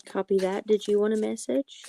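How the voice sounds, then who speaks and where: A woman reading oracle cards on a live stream, talking softly and affectionately to viewers and often apologizing. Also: mid-range voice, fairly even intonation, normal speed, creaky, slight background noise. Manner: soft-spoken, affectionate, calls viewers sweetie and honey; apologetic and reassuring. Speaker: livestream tarot and oracle card reader.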